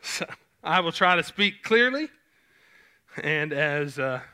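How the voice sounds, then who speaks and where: Southern male youth pastor, easygoing sermon delivery, higher-pitched with a crisp bright tone. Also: big pitch swings, slow. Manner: casual, conversational preaching with many fillers. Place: church sanctuary stage.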